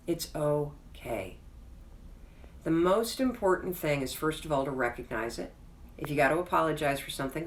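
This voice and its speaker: A woman's voice: deep voice, far from the mic, a little hiss or hum. A woman hosting her own video, telling a personal story in a frank, chatty, self-deprecating way and closing with an earnest, reassuring pep talk. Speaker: host. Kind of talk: candid personal storytelling to camera.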